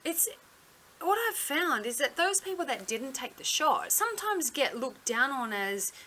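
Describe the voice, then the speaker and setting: A woman's voice: sits high, big pitch swings, unhurried, sharp tone. A woman telling a story on her vlog in a blunt, sarcastic way, swearing freely. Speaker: vlogger.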